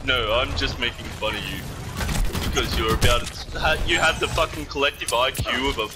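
A man's voice: mid-range voice, normal speed. A man ranting sarcastically at a teammate in online game voice chat, swearing heavily. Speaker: gamer streamer. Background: loud game music.

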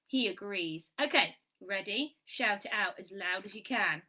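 A bright, crisp-voiced woman leads a children's phonics lesson. She speaks unhurriedly, sounds out each letter with care and showers the viewers with sing-song praise. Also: mid-range voice, lively intonation. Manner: slow, clearly sounded-out letters. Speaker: phonics teacher.

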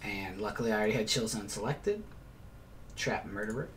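A man's voice: on the low side, expressive, a little fast, very noisy. Chatty man swearing over gameplay. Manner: chatty, explains as he plays, swears and mutters asides. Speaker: let's player. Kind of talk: casual gameplay commentary.

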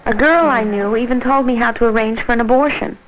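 A woman's voice: on the high side, fast talker, a little hiss or hum, lightly acted, poor audio. An actress voicing a scared pregnant teenage girl, narrating her story in earnest, plain first-person narration for an old educational film.

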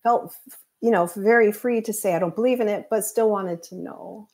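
Guest, woman, mid-pitched, chatty anecdotal delivery, casual podcast talk. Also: normal speed, darkish tone. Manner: chatty anecdotes with laughs and acted quotes. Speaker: guest, psychic medium. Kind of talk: casual storytelling chat.

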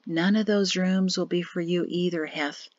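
Woman voicing a hushed grave young man. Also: no room sound, close to an everyday voice. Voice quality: soft, low and hushed. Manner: calm, grave, measured warnings. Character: grim quiet young man, cryptic brother. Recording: dull lo-fi dry audio.

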